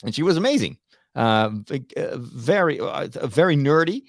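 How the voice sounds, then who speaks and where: A priest from the Netherlands, co-hosting a casual chat about church news, talking in a chatty, halting way with many fillers and restarts. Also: male voice, fairly high pitch, sing-song, no echo, clean studio sound. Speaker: priest and co-host.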